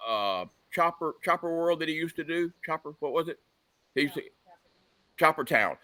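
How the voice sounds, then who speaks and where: A man guesting on a motorcycle talk show, telling animated stories and laughing as he goes. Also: fairly high pitch, moderate pace. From United States. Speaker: guest, motorcycle engine builder. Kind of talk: casual chat.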